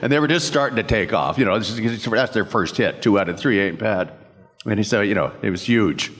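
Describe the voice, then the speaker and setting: A man's voice: fairly low pitch, fairly quick, fairly bright tone. An older man from Canada, a guest voice actor at a convention panel, telling rambling anecdotes and laughing through them. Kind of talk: storytelling at a panel Q&A. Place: convention hall. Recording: reverberant convention hall.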